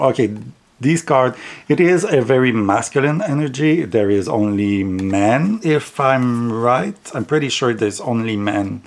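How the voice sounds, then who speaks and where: A man with a French accent, a native French speaker, chatting casually on video in an unhurried, rambling way full of restarts and self-corrections. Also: medium pitch, darkish tone. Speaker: tarot deck reviewer.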